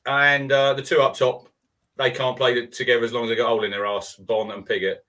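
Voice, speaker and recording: A man's voice: mid-range voice, flat delivery, quick pace, bright, forceful tone. A man giving blunt, opinionated takes on a casual fan podcast over a video call. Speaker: podcast pundit.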